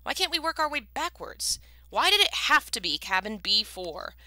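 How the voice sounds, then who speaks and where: A woman reading as Ryuji, an excitable brash man. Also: on the high side, normal speed, no room sound, pitched above the performer's own voice, heavily acted. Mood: eager. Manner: loud, excitable. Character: excitable brash man, wailing then sudden insight. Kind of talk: live book reading.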